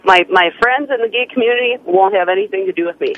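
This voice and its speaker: A woman from Wisconsin calling into a radio talk show, blunt and emphatic, quick to laugh. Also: mid-range voice, fairly bright tone, a little hiss or hum. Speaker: caller. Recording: muffled phone line.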